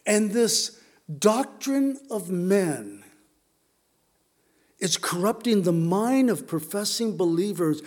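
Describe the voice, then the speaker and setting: A man's voice: high-pitched, darkish tone. A man preaching a sermon in an earnest, emphatic, urgent way.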